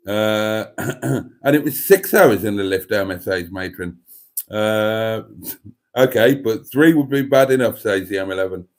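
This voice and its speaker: A middle-aged man hosts a casual livestream, raising his voice to read out viewer comments and replying with mock denials and chatty asides. His voice is fairly low with lively intonation, and he speaks slowly with frequent pauses.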